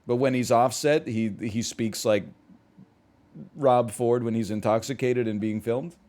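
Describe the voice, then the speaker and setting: A man from Canada, chatting casually on a live stream, reacting to chat and rambling through asides with sudden excited jumps. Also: medium pitch, measured pace.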